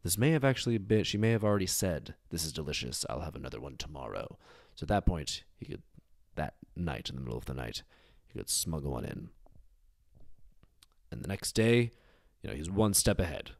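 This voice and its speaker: A man hosting a storytelling show, narrating a dark tale casually with wry, digressive asides. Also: low voice, big pitch swings, moderate pace, no room sound, studio quality. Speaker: storyteller host.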